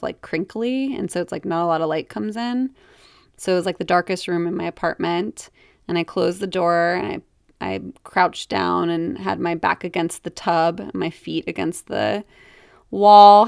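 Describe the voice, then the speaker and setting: Young woman podcast host, low gravelly voice, dry close sound, rambly and reflective. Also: dry recording. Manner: reflective, halting, many "like" and "you know". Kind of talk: candid personal monologue.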